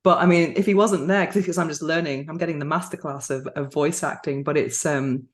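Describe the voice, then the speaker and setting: A woman with a somewhat low voice hosts a relaxed podcast conversation. She chats freely, breaking into laughter and stumbling over restarts as she tells stories. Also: fairly quick. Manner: chatty, laughing, with frequent restarts. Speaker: podcast host. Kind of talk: casual interview chat.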